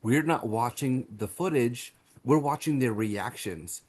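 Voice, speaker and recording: Guy on a horror podcast, mid pitch, excited, lots of "like" and restarts. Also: measured pace. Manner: enthusiastic, many fillers and restarts. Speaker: podcast co-host. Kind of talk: casual movie review chat.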